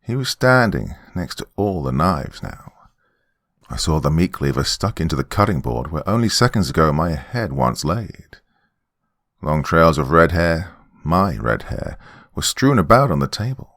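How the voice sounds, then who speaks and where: A man narrating a first-person horror story in a measured, dramatic way. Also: extremely low pitch, very animated, a bit bright, dry recording, studio quality. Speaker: horror podcast host and narrator.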